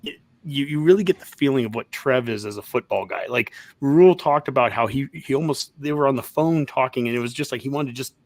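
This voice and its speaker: A man hosting a casual sports podcast, animated and excitable, laughing often. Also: medium pitch, quick pace, no echo. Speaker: podcast host.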